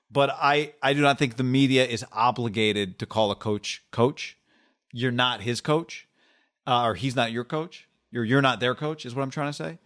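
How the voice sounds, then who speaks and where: A man's voice: mid-range voice, a bit bright. A man co-hosting a sports podcast, talking things through in a casual, opinionated way with frequent restarts. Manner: opinionated, thinks aloud with restarts. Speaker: sports talk podcast co-host.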